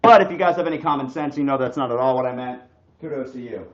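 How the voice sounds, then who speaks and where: A young man ranting bluntly and crudely on a casual livestream, his voice swinging from loud bursts to low mutters. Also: fast talker. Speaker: streamer. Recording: echoey room, dull lo-fi sound.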